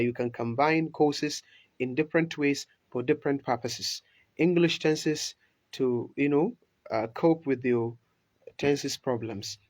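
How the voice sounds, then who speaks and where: A man's voice: mid-range voice, no room sound. Nigerian Hausa man teaching English. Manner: switches between languages, repeats phrases slowly for learners. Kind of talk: recorded language lesson.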